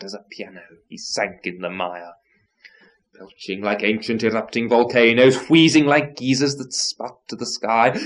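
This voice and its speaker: A man reciting a long nonsense poem, declaiming with big swings between soft and loud lines. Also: fairly low pitch, a little slow. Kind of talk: dramatic recitation of nonsense verse.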